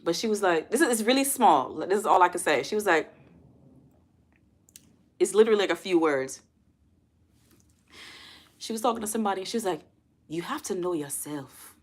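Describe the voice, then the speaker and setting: A woman's voice: mid-range voice, lively intonation, fairly quick, long pauses. A young adult woman hosting a casual livestream, chatting with viewers, calling them y'all and putting questions to her chat. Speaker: livestream host.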